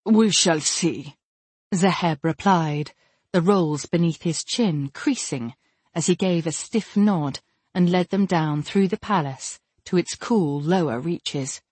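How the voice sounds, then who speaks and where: A woman narrating an audiobook in a measured, steady reading style. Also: on the low side, husky, no echo. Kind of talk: scripted narration.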